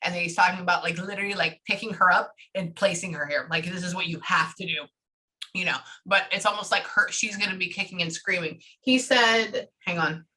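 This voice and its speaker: A woman working as a psychic medium, talking fast and casually through a live reading and swearing freely. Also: lowish voice, pushed and bright. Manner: rapid, chatty, swears casually.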